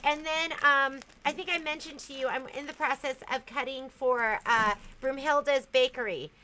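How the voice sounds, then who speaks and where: A woman's voice: high-pitched, fairly even intonation, normal speed, pushed and bright, low-quality recording. A woman hosting a casual livestream, chatting loosely and reading viewer comments aloud, often trailing off and restarting. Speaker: livestream host.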